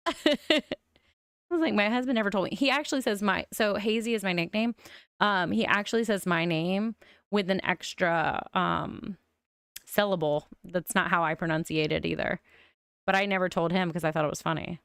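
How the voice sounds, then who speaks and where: Young adult woman streamer, low gravelly voice, mild lisp, chatty and thinking aloud. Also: moderate pace, fairly bright tone, no echo, studio quality. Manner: chatty, musing aloud with frequent oohs. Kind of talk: casual game-building commentary.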